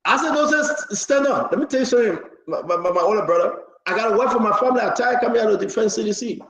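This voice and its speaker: A man hosting a live political talk show, rambling and repetitive, now and then bursting into shouts. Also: high voice, animated, fast, reverberant, rough recording.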